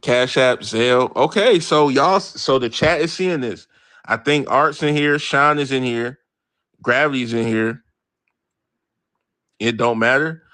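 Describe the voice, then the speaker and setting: Clean studio sound with no echo carries a man's medium-pitched, unhurried voice. A brash livestream host, he riffs on sports to his live chat in an animated, profane way, reading and responding to it and swearing freely.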